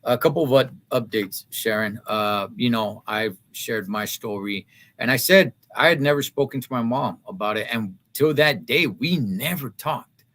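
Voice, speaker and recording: A man, hosting a live talk stream in a casual, heartfelt way, halting with many fillers and restarts and dropping to a soft voice. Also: medium pitch.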